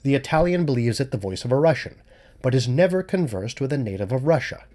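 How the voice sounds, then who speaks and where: A man voicing a cool-headed male amateur detective who lays out his reasoning in a measured, lecturing way in an audiobook reading. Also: medium pitch, expressive, a little mellow, lightly acted.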